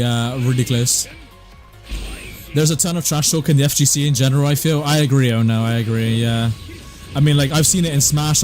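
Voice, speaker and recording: A man from southwest England with a West Country accent chats casually on a game stream, answering chat in a laid-back way. His mid-range voice is a little mellow.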